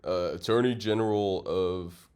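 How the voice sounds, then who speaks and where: A man with a very low voice reads a history script at an unhurried pace. He trips over words often and breaks into laughs and the odd curse, keeping it loose and unpolished. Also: darkish tone, smooth. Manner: stumbles over words while reading; laughs often, swears casually. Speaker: podcast co-host. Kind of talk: casual chat, reading aloud.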